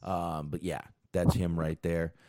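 A man's voice: low voice, level tone, measured pace, warm tone, no echo, clean studio sound. A man hosting a podcast, rambling casually about a film and thinking aloud while looking things up. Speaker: podcast host.

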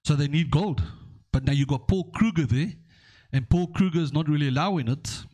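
A man's voice: a little high, a little fast, background noise. Man telling stories at length. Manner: rambling, storytelling, checking in with "okay?". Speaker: podcast host. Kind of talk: casual podcast discussion.

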